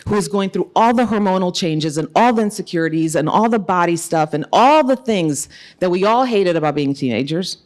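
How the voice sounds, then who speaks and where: A woman's voice: on the low side, lively intonation, brisk. A middle-aged woman giving an earnest, emphatic conference talk as an author, telling a personal story. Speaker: author and speaker.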